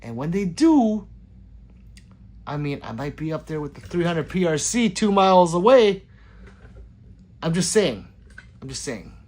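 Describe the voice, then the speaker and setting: A man's voice: a little high, big pitch swings, unhurried, long pauses, darkish tone. A man hosting a casual livestream, rambling and joking as he reads viewer comments aloud. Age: adult with children. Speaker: livestream host reading chat.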